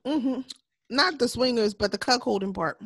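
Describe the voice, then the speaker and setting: A woman co-hosting a podcast in casual chat, candid and laughing often, sometimes dropping to a soft voice. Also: fairly high pitch, normal speed, slightly rough, no room sound. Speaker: podcast co-host.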